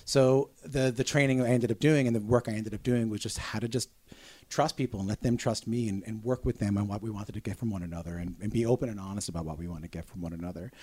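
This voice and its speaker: Man, chatty guest, profane, quick to laugh, dry studio sound. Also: on the low side, husky, no echo. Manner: swears freely, laughs a lot, animated storytelling. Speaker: podcast guest, radio interviewer. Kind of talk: casual chat.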